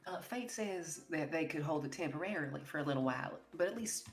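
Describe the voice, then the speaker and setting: A woman's voice: low voice, lively intonation, fairly quick. A woman playing a tabletop game, asking tentative, stop-start questions. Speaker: player. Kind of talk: casual tabletop play. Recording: echoey room with faint music.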